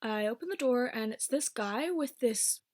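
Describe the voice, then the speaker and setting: This woman in her twenties is a vlogger sharing a casual storytime in a slightly high, expressive voice. She doesn't mince words and swears freely, with rapid bursts breaking up slower passages.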